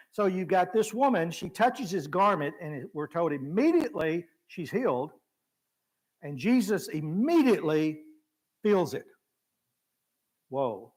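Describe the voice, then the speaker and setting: Preacher teaching with acted voices. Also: male voice, fairly high pitch, measured pace. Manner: acts out biblical voices with lively shifts, chuckles. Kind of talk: conversational Bible class teaching. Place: church.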